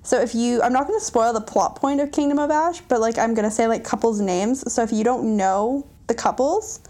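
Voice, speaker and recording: A young woman with a slightly high voice gushes about books on a casual podcast. She co-hosts and talks with lots of fillers, sounding excited throughout. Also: a little fast. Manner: gushing, enthusiastic, lots of fillers. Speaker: podcast co-host.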